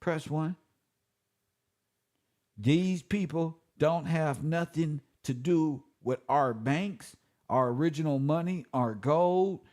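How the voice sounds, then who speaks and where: A man speaking who delivers a preachy, swearing monologue to his viewers, swinging between loud and soft. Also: medium pitch. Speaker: online commentator.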